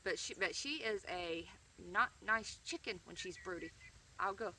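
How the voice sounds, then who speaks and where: A chatty woman talks casually to camera while out by her chickens, rambling along with fillers and restarts. Her voice is bright and sits back from the mic, with faint outdoor ambience and animals behind. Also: lowish voice, a little slow, distant mic, a little hiss or hum. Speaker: backyard chicken keeper vlogger.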